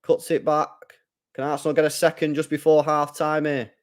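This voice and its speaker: A man hosting a live football watchalong, chatting casually, reading viewer comments and getting loud when play heats up. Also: on the high side, moderate pace. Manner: chatty, swings from mumbling to excited shouting. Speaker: live stream host.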